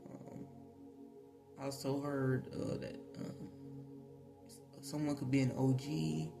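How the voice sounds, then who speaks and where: A man giving a casual spiritual tarot reading, chatty, laughing often and filling pauses with ums. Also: medium pitch, steady tone. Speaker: tarot reader. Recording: voice over clear background music.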